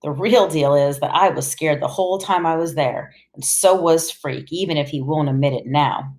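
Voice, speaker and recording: A woman narrating an audiobook in the first person, with a deadpan, wry delivery. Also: low-pitched, moderate pace.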